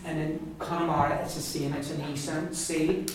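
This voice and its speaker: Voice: mid-range voice, level tone, fairly quick. A teacher with a Donegal Irish accent leads a pronunciation class, patiently repeating each word with small asides. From Donegal, Ireland. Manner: patient and repetitive, says each word several times, with asides and small laughs. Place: large echoey classroom with a group of learners. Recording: echoey room, distant mic, background noise.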